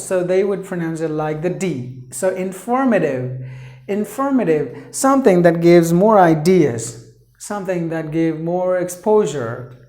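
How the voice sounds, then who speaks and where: A man's voice: sits high, dark tone, roomy sound. A man teaching a pronunciation lesson, repeating each word several times and drawing it out for drilling.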